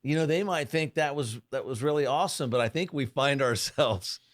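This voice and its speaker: A man co-hosting a podcast in relaxed casual chat, asking prompting questions. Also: mid-range voice, brisk, dry recording, clean studio sound. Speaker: podcast co-host. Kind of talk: casual conversation.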